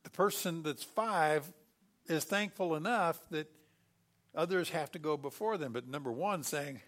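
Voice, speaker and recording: A man in middle age preaches with animated energy, his voice sitting a little high for a man. He jumps into quoted voices and throws in sudden loud bursts before dropping back to a calm, even preaching tone. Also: moderate pace. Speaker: pastor. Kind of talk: sermon.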